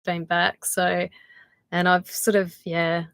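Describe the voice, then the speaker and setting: A tired woman with an Australian accent, chatting casually with viewers on a livestream, laughing often and trailing off into soft asides. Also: on the low side, little pitch movement, slow pace, creaky, dry recording, poor audio. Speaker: channel host doing a livestream. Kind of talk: casual live chat with viewers.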